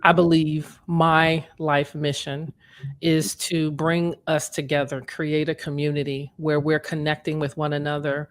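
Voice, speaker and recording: A woman's voice: sits low, level tone, measured pace. A woman hosting an interview, speaking in an affirming, earnest way. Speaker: interview host. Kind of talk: conversational interview.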